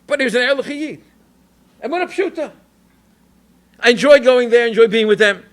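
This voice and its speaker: A man from New York, a rabbi and educator, telling an animated personal story in a Torah talk, sprinkled with Yiddish and Hebrew terms. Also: extremely high pitch, moderate pace.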